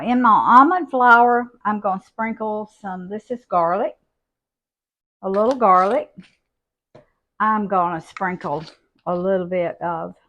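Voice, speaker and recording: A slow, easygoing older woman with a drawl walks through a recipe in her home kitchen. She talks in a folksy, homey way and never rushes her words. Her voice sits at an ordinary middle pitch. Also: fairly bright tone. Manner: folksy, unhurried, homey talk. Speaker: cooking channel host. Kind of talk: home cooking demonstration.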